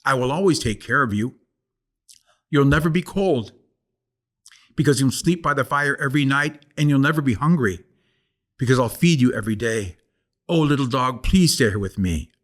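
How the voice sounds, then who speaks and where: A man voicing a kind little girl in a spoken folk story, coaxing a dog in softly. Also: medium pitch, animated, moderate pace, pauses often, close to an everyday voice. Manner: soft, coaxing.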